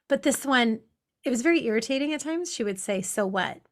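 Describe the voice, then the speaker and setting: Woman, podcast co-host, fairly high voice, reflective and anecdotal, easy casual conversation. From Pacific Northwest of the US. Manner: reflective, anecdotal, laughs often.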